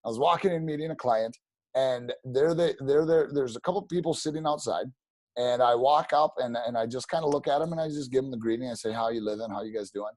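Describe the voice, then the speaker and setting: A man telling stories as a podcast guest, animated and rambling, with many restarts. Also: medium pitch, fairly quick, no room sound. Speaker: podcast guest, real estate agent. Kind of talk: casual storytelling interview.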